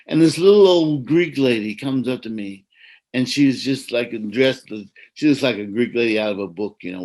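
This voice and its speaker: A man from the United States, an Orthodox priest, telling a personal story in a gentle, reflective, preacherly way over a video call. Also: mid-range voice, vocal fry, rough recording.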